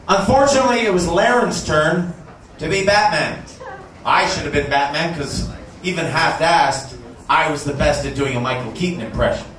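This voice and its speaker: Profane comedian in an echoey club. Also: male voice, fairly high pitch. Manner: profane, animated storytelling with shouted quotes. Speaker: stand-up comedian. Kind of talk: stand-up comedy storytelling. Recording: echoey club audio from far off.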